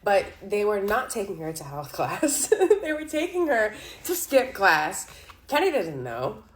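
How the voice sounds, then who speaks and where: A woman's voice: mid-range voice, lively intonation, measured pace, a bit bright. A young woman giving a casual tarot reading, chatty and giggly, filling her talk with "like". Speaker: tarot reader.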